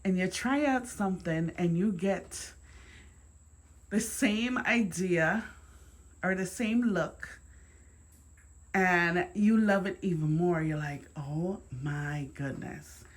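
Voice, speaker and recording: Jamaican lady vlogging from her dining room, lowish voice, slow easy talk, repeats herself a lot. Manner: chatty, repeats words, bursts into excited exclamations. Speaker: home decor vlogger. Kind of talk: casual chat to camera.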